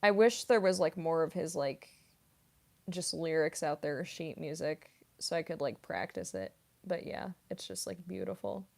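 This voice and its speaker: A woman's voice: deep voice, lively intonation, normal speed, gravelly. A voice actress chatting casually on a livestream, answering viewer comments. She fills her talk with "like" and "um", and she is a classically trained singer. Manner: chatty, many fillers like "like" and "um". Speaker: voice actress and streamer.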